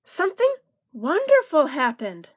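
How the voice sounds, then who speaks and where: A woman reading a children's storybook aloud in a slow, gentle, expressive way. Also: high-pitched.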